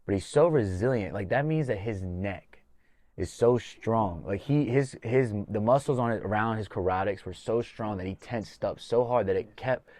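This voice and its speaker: Lower-voiced man telling fight stories. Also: moderate pace, no echo. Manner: animated storyteller, swears freely, acts out corner talk. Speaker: podcast host and MMA coach. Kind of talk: casual podcast chat.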